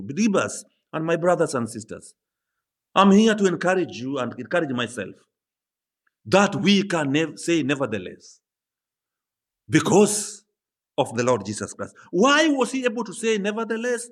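Male preacher, fairly high voice, very animated pitch, impassioned sermon delivery with drawn-out emphasis. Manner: impassioned, rising to high emphatic peaks on quoted words; slow, drawn-out emphasis on key phrases.

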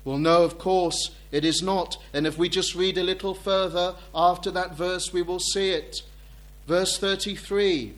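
A man delivers a sermon at an unhurried, measured pace. His voice sits high for a man. He reads scripture in old-fashioned wording and drives points home through repetition. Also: fairly bright tone. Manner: slow, deliberate preaching with emphatic repetition. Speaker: preacher.

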